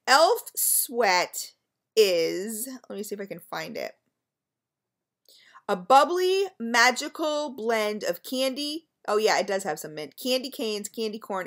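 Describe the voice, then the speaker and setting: In a relaxed review vlog, a woman sniffs and rates wax melts one scent at a time, talking straight to "you guys" in a chatty, gushing way. Her pitch is easygoing and mid-level, slightly bright, and her pauses are packed with ums.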